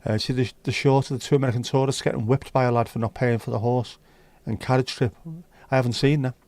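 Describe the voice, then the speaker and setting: A man's voice: medium pitch, steady tone, fast talker, darkish tone, dry recording. A man from the United Kingdom hosting a casual livestream chat, talking bluntly and swearing freely. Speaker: livestream host.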